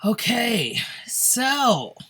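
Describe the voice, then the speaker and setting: A woman's voice: a little high, big pitch swings, extremely slow, sharp tone, husky. Playful woman teaching math. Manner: playful, jokey, thinking aloud. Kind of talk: casual classroom lesson. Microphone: phone camera over paper.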